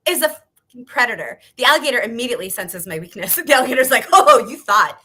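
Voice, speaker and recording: A woman in her thirties, an author appearing as a guest on a video call, tells a story in an animated chat. Her voice is on the high side, expressive, racing, and sharp, and she laughs often and swears while acting out quotes.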